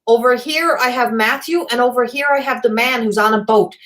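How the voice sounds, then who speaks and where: A middle-aged woman, giving a live psychic reading in a rambling, excitable way and swearing freely. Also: fairly high pitch, a little fast. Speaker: psychic medium.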